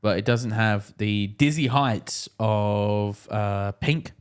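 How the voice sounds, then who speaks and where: A man's voice: on the low side, steady tone, unhurried, few pauses, smooth. A man co-hosting a podcast in casual, joking banter full of swearing. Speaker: podcast co-host. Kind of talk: casual chat.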